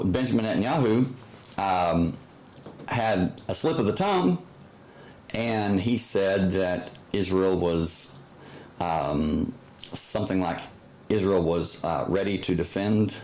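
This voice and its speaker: A man's voice: low voice, a little mellow, a little hiss or hum, low-quality recording. A man hosting his own channel, giving a heated, sarcastic opinion monologue full of fillers and restarts. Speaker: channel host.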